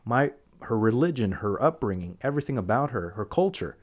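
A young man in casual chat, speaking as a guest in a mid-range voice at a fairly quick clip, relates a personal story about a family conflict. He brings it to life by acting out the quoted exchanges.

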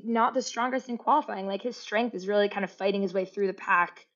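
A young woman co-hosting a casual podcast chat, giving quick, informative points with lively asides. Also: medium pitch. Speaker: podcast co-host. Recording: dull lo-fi sound.

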